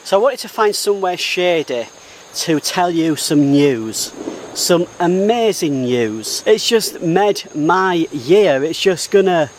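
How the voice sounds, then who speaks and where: A man with a slightly higher voice vlogging as he strolls through an outdoor garden. He talks casually and with motivational enthusiasm, building into excitement. Faint outdoor sounds and distant vehicles sit behind him. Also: slow, a little hiss or hum. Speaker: travel vlogger. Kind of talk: casual walk-and-talk to camera. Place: outdoor botanical garden, walking.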